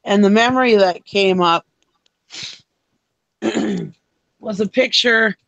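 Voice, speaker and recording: A man's voice: high-pitched, takes it slowly, gravelly, a bit bright, no room sound, highs cut off. A man chatting casually as a guest on a live online show, laughing as he tells a light anecdote. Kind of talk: casual chat.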